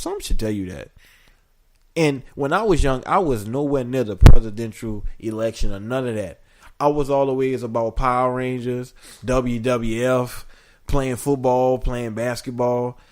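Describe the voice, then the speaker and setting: Playful male podcast co-host, rambling and animated, average pitch. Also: unhurried. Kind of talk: casual chat.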